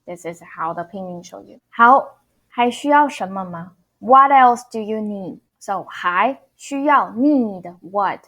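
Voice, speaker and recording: Slow, patient woman teaching. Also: mid-range voice, lively intonation, a bit bright. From Taiwan. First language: Mandarin. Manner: patient, repeats phrases slowly for learners. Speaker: Mandarin teacher. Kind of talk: online language lesson.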